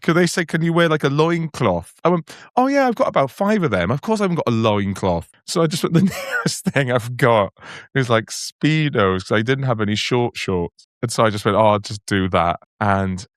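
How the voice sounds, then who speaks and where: A man's voice: medium pitch, animated, moderate pace, dry recording, clean studio sound. A man co-hosting a comedy podcast, telling stories and laughing often in casual chat. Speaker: podcast co-host.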